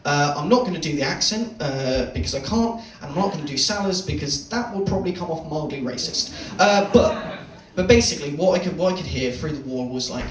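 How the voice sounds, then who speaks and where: A young man performing a stand-up set in a comedy club, telling a swearing, deadpan story and teasing the crowd. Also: on the high side, brisk, hardly any pauses. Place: comedy club stage, live audience. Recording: roomy club sound from a distance.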